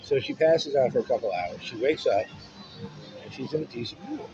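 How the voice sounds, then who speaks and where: Brisk and lively in intonation, a man with a mid-range voice tells a personal story over music, casual, frank and profane. He's a vlogger, and the muffled clip carries noisy street sound.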